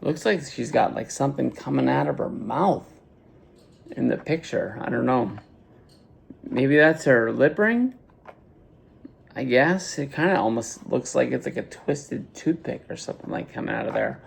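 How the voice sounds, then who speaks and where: Gravelly laid-back man rambling casually. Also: medium pitch, expressive, moderate pace, slight background noise. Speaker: unboxing vlogger. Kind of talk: casual unboxing chat.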